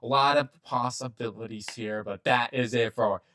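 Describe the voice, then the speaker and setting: A young man hosting his channel, chatting through a football mock draft in a rambling, casual way, full of asides and quick self-corrections. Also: mid-range voice, steady tone, sharp tone, no echo. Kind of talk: casual sports commentary.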